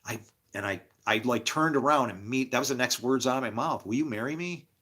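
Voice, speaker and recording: Man, middle-aged, bright forceful tone, rambling candid chat, frequent laughs. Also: mid-range voice, a little fast. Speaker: podcast host. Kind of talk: casual personal monologue.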